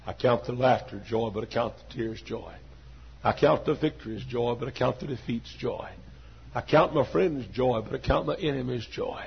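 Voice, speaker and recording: A man in his sixties preaching a sermon with an emphatic, repetitive cadence that swings from hushed to loud. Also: mid-range voice, normal speed, vocal fry, slightly rough, dull audio. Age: 60s. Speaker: pastor.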